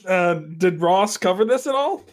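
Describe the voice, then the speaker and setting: High-voiced joking man playing a game. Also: animated, normal speed. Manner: joking, hesitant, trailing off with fillers. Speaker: player. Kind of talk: tabletop game play.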